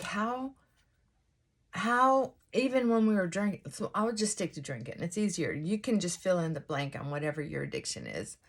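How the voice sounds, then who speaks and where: A woman at a middle pitch talks her way through a get-ready-with-me vlog. She muses out loud, circles back on herself and keeps asking her viewers rhetorical questions. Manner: musing, asks many rhetorical questions; thinking aloud with frequent restarts and asides. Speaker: vlog host. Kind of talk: casual reflective monologue while getting ready.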